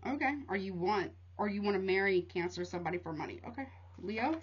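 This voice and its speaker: A woman's voice: mid-range voice, lively intonation, fast, muffled recording, slight background noise. A young woman giving a casual tarot reading, rattling off card meanings in a chatty way and calling listeners honey. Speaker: tarot reader.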